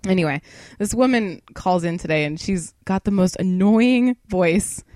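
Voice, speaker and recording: Her lowish, darkish voice moves at a measured pace in a clean studio recording with no room sound. She's a young woman co-hosting a podcast, a bit tipsy from wine, chatting casually, rambling, swearing and laughing often.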